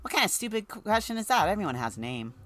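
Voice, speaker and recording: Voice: mid-range voice, very animated, fast, a bit bright, faint music behind, pitched above the performer's own voice. A streamer voicing a bossy, mocking child guard who teases an adult and lists things in a sing-song way. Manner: teasing, sing-song listing.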